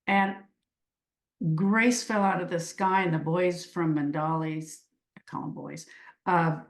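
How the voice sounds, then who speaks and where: A middle-aged woman talks slowly and earnestly as an interview guest, her slightly low voice pausing and restarting as she searches for words. The recording has a roomy echo. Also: steady tone, creaky. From Washington state. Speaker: guest, leadership coach. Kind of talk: reflective interview talk.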